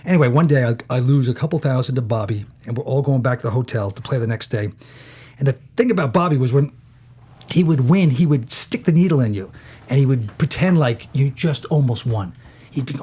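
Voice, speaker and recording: A man's voice: mid-range voice, big pitch swings, brisk, a little mellow, husky. A middle-aged man from the United States, a guest in an interview, telling casual anecdotes and acting out other people's lines. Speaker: actor and poker player, interview guest.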